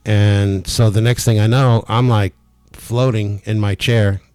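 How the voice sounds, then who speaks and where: A man talking as a spiritual healer in a casual, emphatic monologue, excited and emotional enough to be near tears. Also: fairly low pitch, a little slow, clear, resonant tone, no room sound. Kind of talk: casual testimonial monologue to camera.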